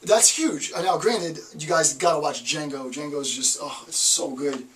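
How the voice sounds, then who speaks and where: Emphatic lecturer with a Northeast accent. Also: male voice, on the high side, moderate pace, far from the mic, poor audio. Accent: Northeast American. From Northeastern United States. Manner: animated, emphatic, asks rhetorical questions. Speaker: college lecturer. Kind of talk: classroom lecture.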